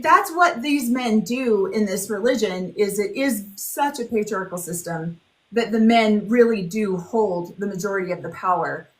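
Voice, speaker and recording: A woman in her forties, a guest in an interview, talking bluntly and telling her story in a lively, candid way. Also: fairly high pitch. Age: 40s. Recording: roomy echo.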